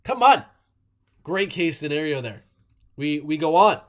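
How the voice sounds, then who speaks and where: Man, somewhat high voice, animated fight commentary, repeats himself, restarts sentences. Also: normal speed. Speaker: MMA commentator. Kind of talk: casual solo commentary.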